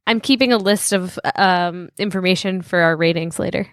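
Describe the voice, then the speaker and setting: Deadpan woman co-host, dry close sound. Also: lowish voice, normal speed, dry recording. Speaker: podcast co-host. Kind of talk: casual comedic chat.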